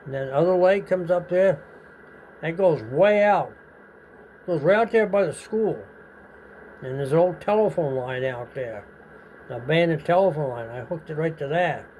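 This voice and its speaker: A man's voice: fairly high pitch, moderate pace, long pauses, darkish tone, lo-fi sound, a little hiss or hum. An older man telling a casual story, rambling and profane, acting out the voices of people in it.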